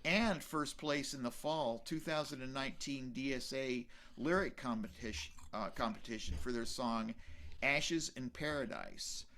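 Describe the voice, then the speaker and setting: A man hosting an awards show, introducing performers from a script, reading haltingly and stumbling over names. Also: medium pitch, sharp tone.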